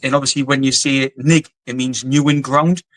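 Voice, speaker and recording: A man's voice: mid-range voice, steady tone, moderate pace, fairly bright tone, no echo, low-quality recording. A middle-aged man with a Geordie accent, a former soldier telling stories as a guest, blunt and rambling, swearing freely. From North East England. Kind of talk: casual storytelling interview.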